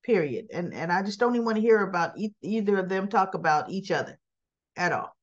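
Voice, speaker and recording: A woman's voice: medium pitch, fairly quick. Woman, casual soap recap, acts out lines, slightly muffled lo-fi audio. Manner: animated retelling, acts out dialogue in quotes. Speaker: soap opera reviewer.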